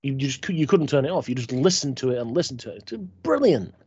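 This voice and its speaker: A man's voice: medium pitch, sing-song, fast talker, a little mellow, slightly rough, dry recording. Emphatic man on a dull line. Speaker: podcast guest, author. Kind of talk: casual chat.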